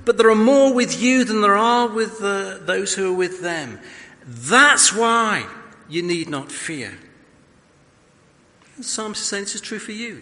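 A man preaching an expository sermon, animated and storytelling as he acts out scripture scenes. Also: high voice, big-room sound.

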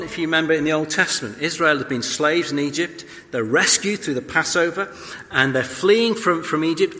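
A man preaching an expository sermon, animated and storytelling as he acts out scripture scenes. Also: fairly high pitch, big-room sound.

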